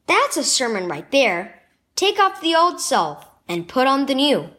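A woman voicing a calm oldest brother who patiently explains things in a storybook reading. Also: high-pitched, a little slow, full character voice. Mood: earnest.

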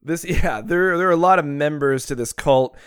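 A man co-hosting a podcast in casual banter, crude and quick to get outraged. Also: fairly high pitch, clean tone, dry recording, studio quality. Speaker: podcast co-host.

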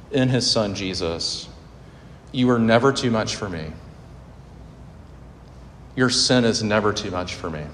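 A man's voice: mid-range voice, a little hiss or hum. A man preaching a sermon in an earnest, conversational way, with fillers and restarts. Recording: hall reverb with faint ambience.

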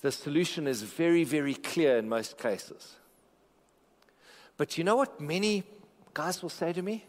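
Pastor preaching in reverberant church. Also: male voice, on the high side, measured pace. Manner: animated, repeats phrases for emphasis, jokes with the congregation. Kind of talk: sermon. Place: church with congregation.

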